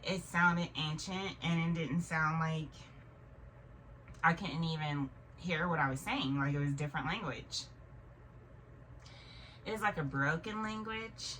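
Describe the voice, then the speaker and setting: A woman's voice: low-pitched, unhurried, long pauses, pushed and bright. A woman in her thirties, telling a long casual story as a vlogger, rambling with many fillers and restarts. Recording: distant mic with faint noise.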